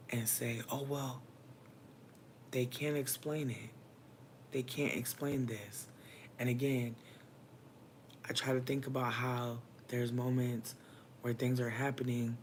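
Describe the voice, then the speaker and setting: A livestream host speaking straight to viewers and chat in an impassioned, preachy monologue, heavy with profanity, the pitch jumping up sharply for emphasis. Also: slight background noise. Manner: addresses viewers and chat directly. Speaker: livestream host giving readings.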